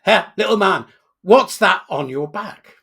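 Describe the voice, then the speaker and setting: A man voicing a mocking male devil in a joke, shouting taunts in a gravelly voice. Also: high-pitched, lively intonation, a little slow, exaggerated voice. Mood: taunting.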